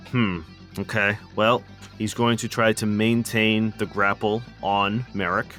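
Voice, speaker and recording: A man narrating a tabletop game as game master, quick and lively, laughing now and then. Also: lowish voice, faint music behind.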